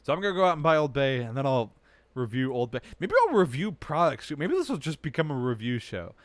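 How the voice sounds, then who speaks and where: A young man hosting a casual livestream show, rambling and self-mocking, jumping from mumbled asides to excited outbursts. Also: medium pitch, fast, no echo.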